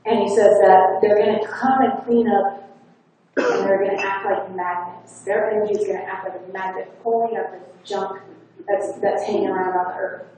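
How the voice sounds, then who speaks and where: Woman hypnotist telling a session story at a conference, mellow voice, far off mic in a big echoey room, bit of hiss. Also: mid-range voice, steady tone, moderate pace. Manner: chatty, retells a client's session with many "like"s. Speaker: hypnotherapist speaker. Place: conference hall. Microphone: faulty wireless lapel mic. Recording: echoey hall, distant mic, faint hiss.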